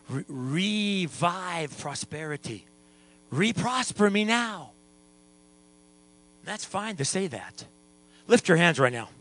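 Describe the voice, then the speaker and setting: A man preaching a lively sermon as pastor, sometimes singing and shouting, with a hum behind him. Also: fairly high pitch, rough recording. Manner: animated preaching, sings and shouts at times.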